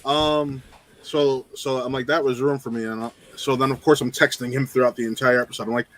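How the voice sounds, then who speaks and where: A man co-hosting a casual podcast, telling stories in an excitable way. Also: mid-range voice, brisk. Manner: excitable storyteller.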